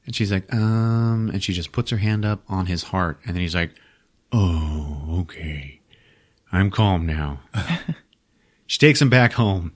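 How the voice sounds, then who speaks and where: A man casually recapping a film for a podcast, swearing often, laughing and acting out quick character bits. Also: fairly low pitch. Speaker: podcast host.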